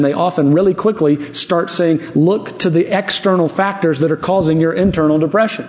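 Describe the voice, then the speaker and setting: A man's voice: fairly high pitch, darkish tone. A man preaching a sermon in an earnest, conversational way, often asking rhetorical questions. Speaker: pastor. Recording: echoey hall with long reverb.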